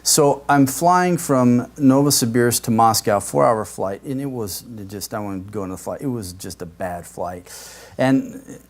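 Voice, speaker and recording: A man's voice: medium pitch, unhurried. A man, a pastor, preaching an expository sermon with casual conversational asides to the congregation.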